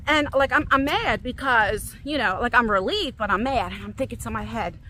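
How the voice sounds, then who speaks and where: A middle-aged woman tells a story on her phone while walking outdoors. Her voice sits high and bright, and she jumps even higher when she acts out what she said. A faint hiss of open air runs underneath. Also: brisk, few pauses. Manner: animated, quotes herself with big jumps in pitch. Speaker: vlogger. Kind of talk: casual storytelling. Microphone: phone on a selfie stick.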